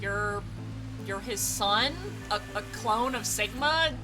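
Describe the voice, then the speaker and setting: A woman streamer playing a video game, reading scenes aloud and reacting with excited shrieks and swearing. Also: medium pitch, takes it slowly, music in the background, poor audio.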